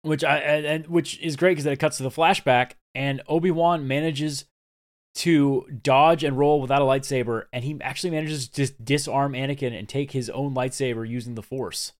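Excitable man recapping an episode. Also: mid-range voice, moderate pace. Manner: enthusiastic, swearing, acts out scenes in quoted voices. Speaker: podcast co-host. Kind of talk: casual chat recapping a TV episode.

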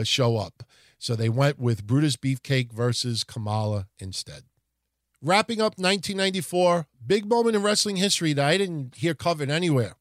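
A man's voice: fairly high pitch, no room sound, clean studio sound. Profane rambling man hosting a podcast. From Italian heritage. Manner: rambling, profane, animated retelling. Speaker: podcast host. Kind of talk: casual wrestling history podcast.

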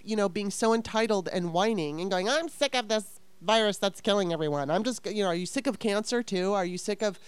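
A woman venting in a heated casual conversation, fast and exasperated, swearing often. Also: mid-range voice, smooth, no room sound.

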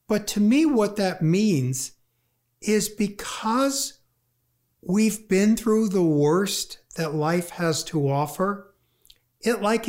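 A grief lecturer giving a talk, speaking conversationally and acting out inner voices in quick asides. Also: medium pitch, a little mellow. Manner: conversational, with fillers. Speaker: grief lecturer and workshop leader. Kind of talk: talk on grief and positive thinking.

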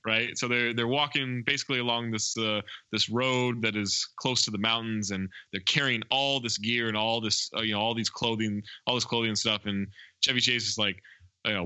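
A man with a very bright, forceful voice walks through a film's plot in loose, rambling chat, full of ums and restarts. The sound is dry and close, with no room around it. He talks like a podcast co-host recapping scene by scene. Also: fairly low pitch, fairly even intonation, normal speed, dry recording. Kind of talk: casual chat recapping a movie.

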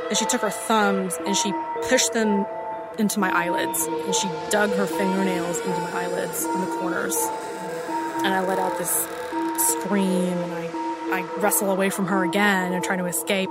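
A woman telling her own ghost story in a casual, candid way with everyday fillers. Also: medium pitch. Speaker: storyteller guest. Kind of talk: personal ghost story told in conversation. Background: music score.

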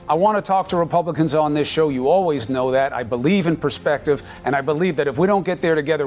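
A man anchoring a cable news interview, pressing his guest in a forceful, argumentative way. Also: fairly high pitch, quick pace, few pauses, soft background music.

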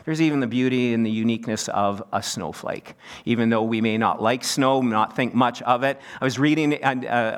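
High-voiced, swooping middle-aged male preacher. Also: a bit bright. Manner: wide pitch swings, rising to emphatic peaks. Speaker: pastor. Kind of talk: sermon.

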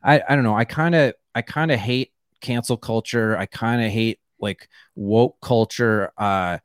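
A male comedian guest with a lowish, smooth and resonant voice. He rambles in casual chat, padding every thought with "like" and starting over, and the sound is dry and close. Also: measured pace, no echo. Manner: rambling, full of "like" and restarts.

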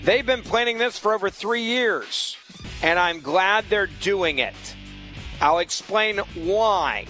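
A man's voice: sits high, lively intonation, slow, pushed and bright, faint music behind, low-quality recording. A man hosting a political talk radio show, delivering a combative, emphatic monologue and repeating his points. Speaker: fill-in radio talk host.

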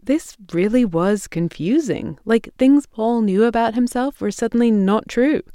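A woman host narrating a podcast story in a calm, measured way. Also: a little high, no echo, clean studio sound. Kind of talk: scripted narration.

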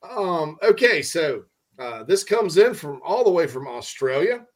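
A man's voice: a little high, very animated, measured pace. A man hosting a casual sports talk show, rambling and joking with lots of fillers and restarts. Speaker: sports radio host.

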